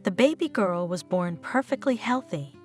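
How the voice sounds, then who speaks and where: A woman reading a dramatic story as narrator, with soft guitar music playing under her. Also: mid-range voice, lively intonation, normal speed. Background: faint guitar music.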